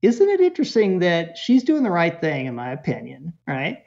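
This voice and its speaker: Man, parenting expert guest, lively storyteller, lo-fi sound. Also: on the high side, normal speed, creaky. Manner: animated storyteller with chuckles and voiced quotes. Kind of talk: storytelling in a podcast interview.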